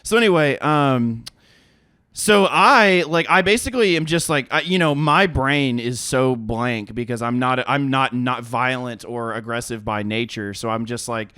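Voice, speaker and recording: A man's voice: mid-range voice, normal speed, smooth, no room sound, studio quality. A man in his thirties, co-hosting a podcast, telling a story in casual chat with lots of laughter and acted-out quotes. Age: 30s. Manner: animated, profane, laughs often, acts out quotes. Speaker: podcast co-host.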